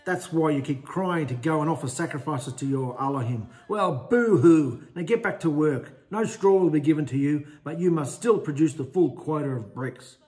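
A man's voice: on the high side, normal speed, few pauses, soft background music, close to an everyday voice. A man playing a sneering arrogant Pharaoh. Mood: shouting. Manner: mocking, sneering, shouting orders. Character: arrogant scornful male Pharaoh, a king.

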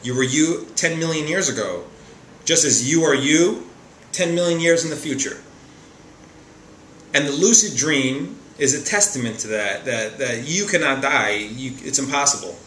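Bright-voiced man in an echoey room. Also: mid-range voice, moderate pace, slight background noise. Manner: repetitive, emphatic, stumbling restarts. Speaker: spiritual talk host. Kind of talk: casual spiritual monologue. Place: room in a home, seated on a chair.

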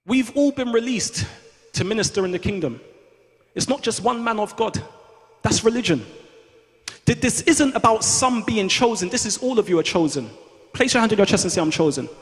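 A man preaching a fervent sermon in a church, calling on the congregation to repeat after him and rising to shouts. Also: sits high, animated, normal speed. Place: church hall. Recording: long reverb of a large hall.

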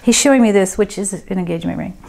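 Woman, medium, group reading, hesitant, thinking aloud, mid pitch. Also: quick pace, gravelly, mellow, slight background noise. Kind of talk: group reading, casual talk.

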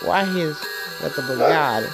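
A man talks through a cartoon in loose, rambling reaction commentary, stumbling over words and breaking into giggles. He speaks slowly, and his pitch leaps around with lively swings. Loud soundtrack music plays right under his voice. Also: gravelly. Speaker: video reactor.

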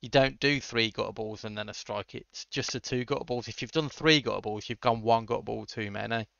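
Man, livestream host, bright crisp voice, dry room, slightly dull lo-fi sound. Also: mid-range voice, brisk, no echo. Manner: answers chat questions with dry jokes. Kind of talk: casual coding livestream chat.

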